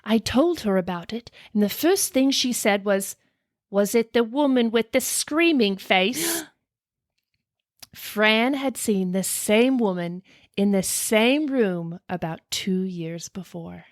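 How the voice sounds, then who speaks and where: A woman co-hosting a podcast, chatting casually and reading a ghost story aloud with dramatic hushed stretches. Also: medium pitch, expressive, slow, no room sound, clean studio sound. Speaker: podcast co-host.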